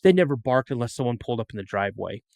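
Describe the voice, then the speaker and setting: A man's voice: mid-range voice, animated, racing, creaky, darkish tone, no room sound. Man, middle-aged, podcast guest, rambling storyteller, frequent restarts, dry recording. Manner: rambling, repeats words and restarts. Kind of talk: storytelling in an interview.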